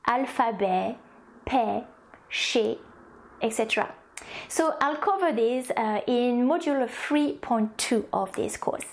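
French-accented woman teaching a language course. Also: on the high side. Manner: explains step by step with many fillers and restarts. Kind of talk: recorded online course lesson.

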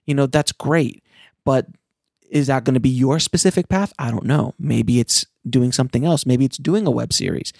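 Earnest man with a gravelly voice. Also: mid-range voice, moderate pace, darkish tone, dry recording, clean studio sound. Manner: earnest and passionate, with frequent restarts. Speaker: filmmaker and podcast host. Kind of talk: casual monologue to listeners.

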